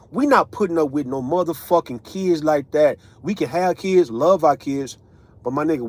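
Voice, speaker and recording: A man, ranting casually as an online commentator, profane and emphatic, tagging lines with right and man. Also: a little high. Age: 30s.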